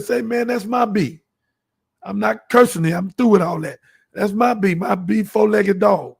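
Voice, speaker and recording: Husky and high, with vocal fry, this man's voice drives his own show. His monologue is fervent and preachy, and he tells stories while performing the dialogue in them.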